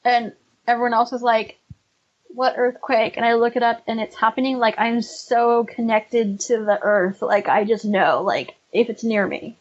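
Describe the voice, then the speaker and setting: A woman with a higher voice, co-hosting a casual podcast chat in an earnest, slightly anxious way. The audio is dull and lo-fi. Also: steady tone, moderate pace. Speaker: podcast co-host.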